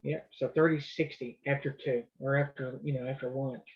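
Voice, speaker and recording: A man's voice: mid-range voice, fairly even intonation, moderate pace. Man, casual coach, loose conversational talk, muffled stream audio. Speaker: trading coach. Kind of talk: casual live coaching session.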